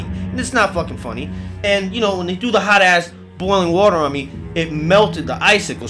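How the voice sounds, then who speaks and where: Profane, animated male storyteller. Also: high voice. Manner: profane, animated, yelps and cries out in pain. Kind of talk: comic horror storytelling.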